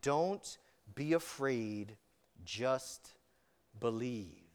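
A man voicing a calm, gentle male teacher figure, speaking softly and slowly to reassure. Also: medium pitch, pitched below the performer's own voice. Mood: reassuring. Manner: soft, slow and hushed.

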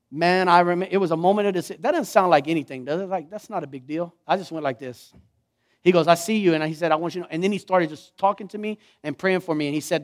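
A middle-aged man, preaching a sermon, telling a story and swinging from hushed to fervent. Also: a little high, quick pace. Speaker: pastor.

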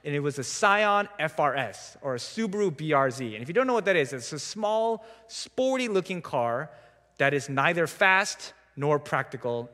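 A young adult man giving a sermon in a church, telling a story in a relaxed, conversational way with self-deprecating humor. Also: a little high, in a large hall. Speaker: preacher. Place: church sanctuary.

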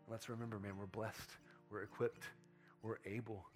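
A man's voice: on the low side, little pitch movement, moderate pace. A man preaching a sermon in a casual, conversational way. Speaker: pastor. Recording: soft guitar music behind.

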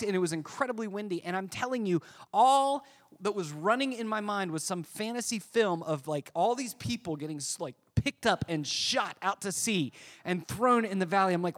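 A male pastor preaching a sermon to a congregation in an animated, emphatic way. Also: high-pitched, normal speed.

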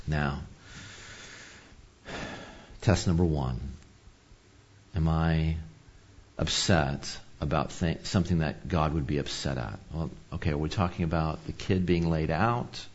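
A man's voice: extremely low pitch, breathy edge, muffled recording. A man preaching a sermon on anger, telling a personal story in a conversational, self-deprecating way.

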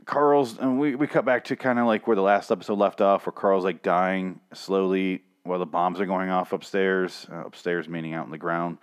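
Young male recapper, lowish voice, rambling sarcastic delivery with lots of swearing. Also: steady tone, clean tone. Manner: rambling, sarcastic, swears often, mocks characters in quick put-on voices. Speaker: TV episode recapper. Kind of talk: casual profane episode recap.

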